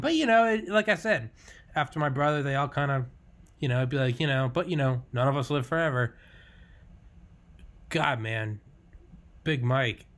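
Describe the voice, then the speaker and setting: A man's voice: medium pitch, fairly bright tone. Casual, foul-mouthed podcast host man. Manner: casual, swears freely. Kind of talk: casual conversation.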